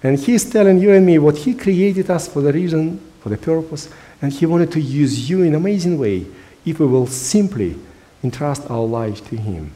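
A pastor preaching in English, his second language, in an earnest and emphatic way, pausing often with small hesitations. His voice sits a bit high for a man, with a mellow, soft tone. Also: lively intonation. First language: not English. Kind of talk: sermon.

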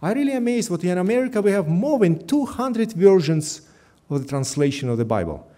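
A middle-aged man, preaching a sermon as a pastor in an earnest, emphatic way with slow stressed phrases. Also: high-pitched, sing-song, dark tone. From Russia.

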